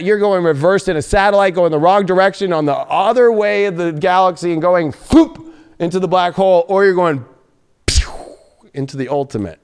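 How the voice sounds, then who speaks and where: An excitable man hosts a casual tarot reading, talking intensely and swearing freely. His voice sits high and swings widely in pitch. A gravelly fry roughens his delivery. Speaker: tarot reader host.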